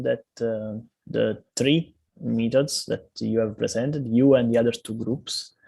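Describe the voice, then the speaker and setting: A man chairing a conference session, talking unscripted with halting restarts and fillers. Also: medium pitch, creaky, a little mellow, no room sound. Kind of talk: hesitant unscripted discussion.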